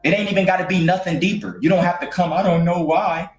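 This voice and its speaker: Scolding male commentator, high and animated, echoey room, faint music. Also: quick pace. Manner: scolding, blunt, street slang. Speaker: online commentator. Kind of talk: blunt commentary.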